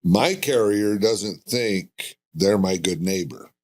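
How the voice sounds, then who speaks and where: A man's voice: fairly low pitch, takes it slowly. A man hosting a podcast, talking casually and emphatically, with frequent rhetorical questions. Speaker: podcast host.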